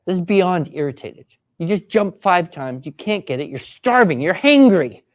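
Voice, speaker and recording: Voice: medium pitch, lively intonation, moderate pace. A writing teacher leading a live classroom workshop, encouraging students and giving step-by-step directions. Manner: acts out sample voices for students.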